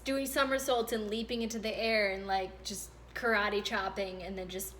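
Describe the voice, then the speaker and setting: A woman in her thirties hosting a podcast, telling a funny story in a casual, animated way and often jumping into high, excited quoted voices. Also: moderate pace, a little hiss or hum. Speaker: podcast host.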